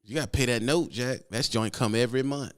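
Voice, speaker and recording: A man who streams about trucking, talking in an animated, slangy, teasing way and reading chat aloud. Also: medium pitch, brisk, smooth. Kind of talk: casual live-stream chat.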